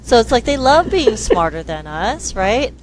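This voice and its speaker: A woman speech therapist talking in an interview, lively and quick to act out the voices of children and parents. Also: fairly high pitch, a little hiss or hum, low-quality recording. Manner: lively, acts out quoted dialogue in voices. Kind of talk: conversational interview.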